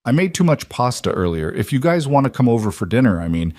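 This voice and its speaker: A man's voice: mid-range voice, big pitch swings, fast talker, darkish tone, no room sound, clean studio sound, pitched above the performer's own voice. A man voicing an awkward, self-deprecating young businesswoman in a spoken story, his voice a little raised. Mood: hesitant. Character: awkward young woman executive, trying hard. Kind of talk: storybook dialogue.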